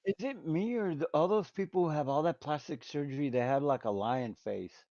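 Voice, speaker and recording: A man's voice: on the high side, fairly quick, dark tone, no room sound. A middle-aged man, a day trader, chatting casually and hesitantly with friends over a call. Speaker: day trader on a group stream. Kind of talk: casual banter. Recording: dull lo-fi call audio.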